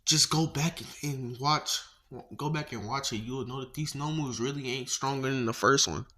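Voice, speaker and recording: A man narrates a fan-made story in a loose, casual way at an ordinary middle pitch. He rambles, drops slang and swears, and breaks off for asides. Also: moderate pace, sharp tone.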